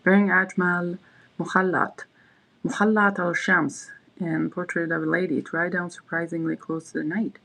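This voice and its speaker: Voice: mid-range voice, flat delivery, normal speed, gravelly, fairly bright tone, low-quality recording. A livestream host in casual chat, rambling and reading viewers' messages aloud. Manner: frequent fillers and restarts.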